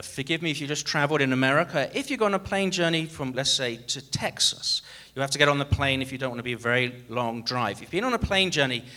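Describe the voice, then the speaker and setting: Man, pastor, sermon, animated, jokey, very expressive melody, crisp bright tone. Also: on the high side. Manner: animated and jokey, with sudden swings in loudness.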